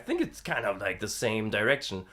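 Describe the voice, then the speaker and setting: A man's voice: lowish voice, huge pitch swings, normal speed, a bit bright. A man hosting a casual vocal-practice diary, chatty and self-amused, thinking aloud with fillers. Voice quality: gravelly fry in the voice. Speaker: host.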